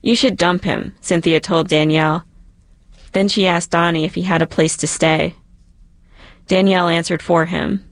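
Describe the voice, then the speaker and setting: A woman reading a personal story aloud in a calm, understated way. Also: on the low side, moderate pace, long pauses, dry recording. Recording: narration over music. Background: music.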